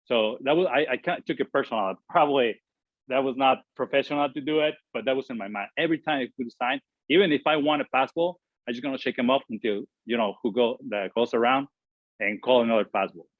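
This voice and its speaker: A man from Mexico who speaks English, telling stories as an interview guest in halting sentences full of fillers and restarts. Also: mid-range voice, dry recording. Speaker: former baseball pitcher, guest. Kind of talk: storytelling interview answers. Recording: tinny dry phone-like line.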